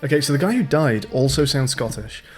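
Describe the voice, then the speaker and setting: A man's voice: mid-range voice, animated, fairly quick, faint music behind. A young man streaming a puzzle game, thinking aloud in a chatty, hesitant way with lots of ums. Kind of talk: casual let's-play commentary.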